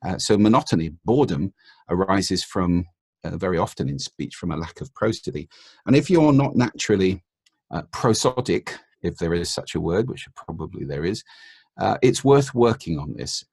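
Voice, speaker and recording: A man, a guest expert in a podcast interview, explaining in a measured way and demonstrating intonation with his voice. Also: low voice, animated, darkish tone, breathy edge, no room sound, clean studio sound.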